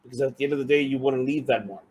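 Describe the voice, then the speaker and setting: Fast-talking male interview host. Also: mid-range voice, crowd noise. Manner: enthusiastic, repeats words while searching for phrasing. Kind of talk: casual interview chat.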